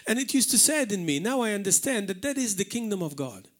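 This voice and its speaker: A man's voice: high voice, very animated, fast. A man preaching a live sermon in church, earnest and emphatic, repeating words for stress. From Malta. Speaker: pastor. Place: church hall, live service.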